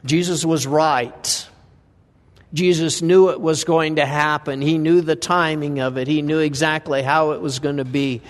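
A man's voice: on the high side, fairly even intonation, measured pace. A man preaching a conversational sermon in a church, reading scripture and asking the listeners frequent rhetorical questions. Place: church sanctuary. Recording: reverberant hall sound.

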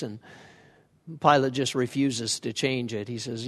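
A man's voice: mid-range voice, moderate pace, fairly bright tone, in a large hall. A man preaching a sermon in a conversational way, asking his congregation questions as he goes. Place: church sanctuary.

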